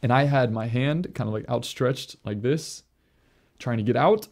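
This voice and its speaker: A young man, a priest, telling his conversion story in an earnest, halting way with many fillers. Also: medium pitch, darkish tone. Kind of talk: personal testimony.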